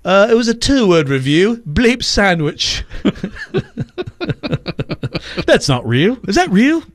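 A man's voice: high-pitched, no room sound. A man hosting a sports radio show in casual, sarcastic banter from a studio mic. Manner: animated, sarcastic, quick asides. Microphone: studio microphone.

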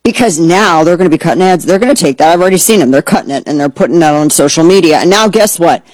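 A woman's voice: lowish voice, expressive, fast talker, darkish tone, no echo, rough recording. A woman hosting a political talk radio program, speaking in a heated, blunt and sarcastic way. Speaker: radio host.

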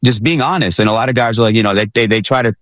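A man's voice: mid-range voice, very fast, a bit bright, no room sound. A man co-hosting a sports talk show, rambling with many fillers and restarts.

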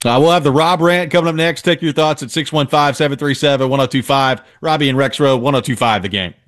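A man hosting a sports radio show, talking briskly as he takes calls. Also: mid-range voice, a bit bright. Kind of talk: casual sports talk. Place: radio studio.

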